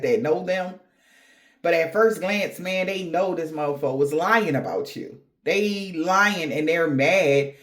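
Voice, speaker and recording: A woman giving a casual spiritual reading to viewers, blunt and profane, chatting with laughing asides. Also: fairly low pitch. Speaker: tarot card reader.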